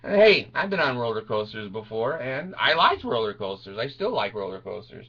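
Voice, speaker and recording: An older man telling a rambling comic story, laughing through his words, crude and self-mocking, swinging from low mutters to high yelps. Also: big pitch swings, moderate pace, fairly bright tone, husky, highs cut off.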